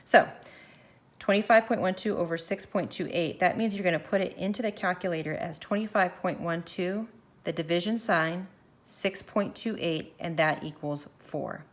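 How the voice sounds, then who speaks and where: Woman math teacher, slightly low voice, recorded lesson, talks students through each step, thinks aloud. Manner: walks through steps slowly, thinking aloud. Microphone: phone camera filming her worksheet.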